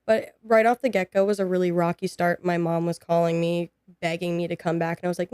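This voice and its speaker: A woman's voice: on the low side, fast talker, hardly any pauses, clean tone, no room sound, studio quality. A woman in her twenties, a podcast guest, telling a personal story and acting out what people said. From United States. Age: 20s. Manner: animated, acts out quoted dialogue.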